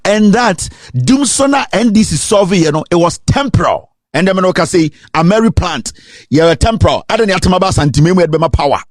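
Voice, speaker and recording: A man's voice: sits high, lively intonation, fairly quick, no echo, studio quality. A man with a Ghanaian accent, delivering an impassioned political rant full of repeated rhetorical questions and mixing English with Twi. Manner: switches between English and Twi, repeats rhetorical questions, at times sing-song. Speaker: political commentator.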